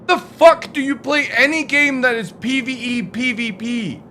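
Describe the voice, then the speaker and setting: A man's voice: very high voice, measured pace, bright, forceful tone, slight background noise. A young man streaming, ranting about video games in a profane, exasperated way. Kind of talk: ranting gaming stream talk.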